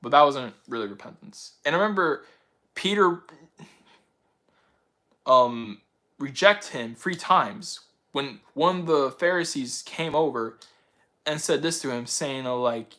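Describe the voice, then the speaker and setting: A young man hosting his channel in casual chat, rambling excitedly and filling his talk with "like" and "bro". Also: mid-range voice, measured pace. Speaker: channel host answering viewer picks.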